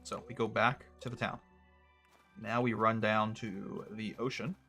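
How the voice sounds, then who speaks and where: Chatty young man thinking out loud. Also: on the low side, level tone, unhurried, vocal fry, soft background music. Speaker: gaming streamer. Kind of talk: casual let's-play commentary.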